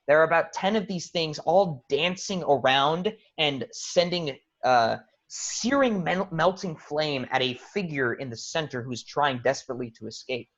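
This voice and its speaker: A man narrating a tabletop game as game master, telling the scene in a loose, animated way with fillers. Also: fairly high pitch, moderate pace, hardly any pauses, muffled recording.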